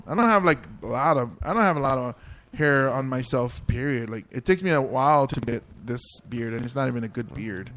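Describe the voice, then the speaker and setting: A man's voice: mid-range voice, brisk, slight background noise. A man hosting a casual comedy podcast, laughing often as he talks. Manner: giggly, laughs constantly, animated. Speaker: podcast host.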